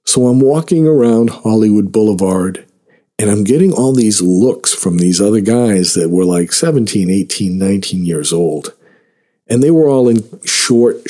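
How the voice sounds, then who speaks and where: A man's voice: on the low side, mellow. A man telling a personal story in a casual, self-mocking way, laughing between lines.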